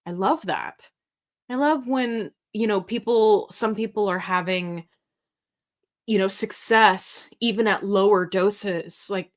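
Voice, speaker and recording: A woman's voice: medium pitch, animated, slow. A woman hosting a casual live Q&A stream. She chats candidly, reads viewer comments aloud and reacts to them. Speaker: livestream host answering viewer questions.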